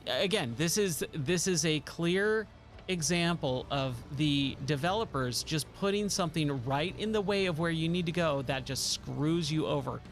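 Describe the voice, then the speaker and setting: A man's voice: fairly high pitch, moderate pace. A man streaming a driving game live, talking through his moves with a self-mocking, exasperated commentary and pleading with the game.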